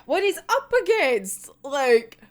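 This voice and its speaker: A woman hosting a casual manga reaction, ranting excitably, swearing often and laughing a lot. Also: sits high, slow pace. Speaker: manga reviewer.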